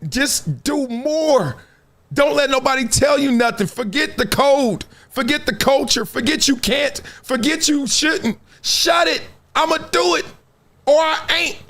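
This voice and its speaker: A man's voice: unhurried, pushed and bright. A middle-aged man hosting a sports talk show, giving emphatic commentary that builds like a sermon. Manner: emphatic, preacher-like build-ups, pitch climbing into cries. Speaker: show host.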